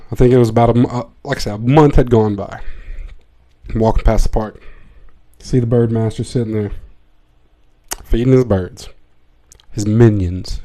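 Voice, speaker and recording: A man hosting a podcast, telling a comic story in a profane, excitable, rambling way. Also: fairly low pitch. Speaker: podcast host. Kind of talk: comedic storytelling monologue.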